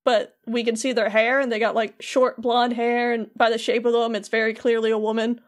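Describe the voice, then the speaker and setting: Woman, podcast co-host, fairly high voice, lively storytelling, laughs often, casual chat. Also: brisk. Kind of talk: casual chat retelling a video game story.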